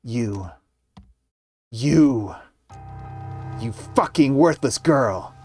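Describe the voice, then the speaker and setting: A man's voice: fairly low pitch, unhurried, faint music behind, natural voice. A man voicing a cold, furious mother who ends up screaming insults at her daughter. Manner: icy then screaming insults. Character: cold furious mother, middle-aged woman.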